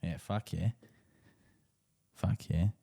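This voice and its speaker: A young Australian man co-hosts a live podcast, chatting casually through rambling stories and swearing freely. His voice is deep, steady, slow, creaky, mellow, and slightly rough.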